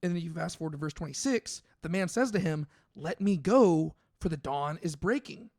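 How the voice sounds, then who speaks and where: A man co-hosts a laid-back scripture discussion, working through his ideas out loud with frequent fillers and self-corrections. His voice sits a bit higher than most men's, and the sound is close and dry with no room around it. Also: lively intonation, normal speed, no echo. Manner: thinks aloud with many fillers and restarts. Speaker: podcast co-host. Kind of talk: casual Bible discussion.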